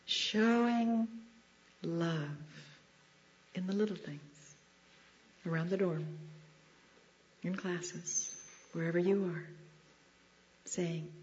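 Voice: medium pitch, slow pace, pauses often. A speaker giving a devotional talk in chapel, telling stories at a shifting pace. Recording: slightly dull lo-fi recording.

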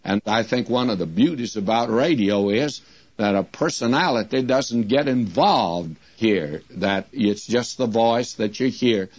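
An older man teaching the Bible on the radio, preaching slowly and deliberately with emphatic repeated phrases. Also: lowish voice, no room sound. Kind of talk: radio sermon. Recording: dull lo-fi dry radio recording.

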